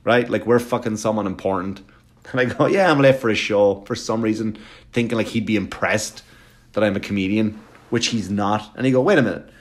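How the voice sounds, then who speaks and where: A male comedian telling a story for laughs, swearing freely and often checking in with a quick question to the listener. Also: on the low side. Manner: profane, animated, keeps checking in with the listener.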